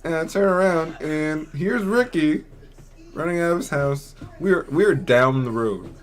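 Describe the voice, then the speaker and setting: A man's voice: fairly high pitch, animated, a little slow. Playful laughing male co-host. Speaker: podcast co-host. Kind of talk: casual chat.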